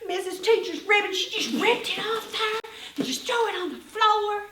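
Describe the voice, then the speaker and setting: A woman telling a story in first person as a schoolgirl character, in a folksy, animated country dialect. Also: very high-pitched, normal speed, background noise. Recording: roomy, from a distance.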